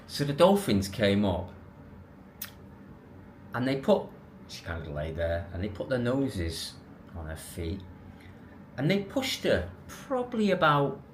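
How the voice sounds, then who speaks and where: A man tells a story to his camera, lively and rambling, doubling back on his words. His voice sits fairly low. A faint hum of background noise runs under the talk. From England. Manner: animated, rambling with restarts and self-corrections. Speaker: vlogger.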